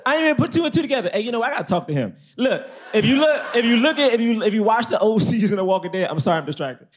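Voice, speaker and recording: Animated, fast-talking man on a live podcast. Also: high voice, slight background noise. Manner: animated, emphatic storytelling with slangy asides. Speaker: podcast co-host. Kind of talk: live podcast film discussion. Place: live stage at a podcast festival.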